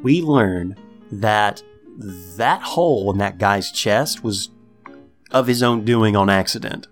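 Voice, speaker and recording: A man casually recapping a TV episode for a podcast, acting out the characters in high, excited voices. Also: takes it slowly, faint music behind. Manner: animated storytelling, acts out characters in high voices. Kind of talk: casual chat.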